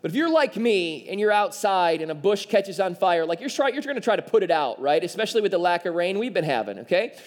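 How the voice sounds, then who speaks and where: A male pastor delivering a sermon with a fairly high voice. He talks in an animated way and slips into playful voices for the figures in his story. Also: fast, few pauses. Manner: animated, acts out quoted voices.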